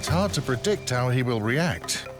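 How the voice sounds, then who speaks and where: A man narrating a wildlife documentary in a measured, informative, scripted delivery. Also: medium pitch, lively intonation, over music.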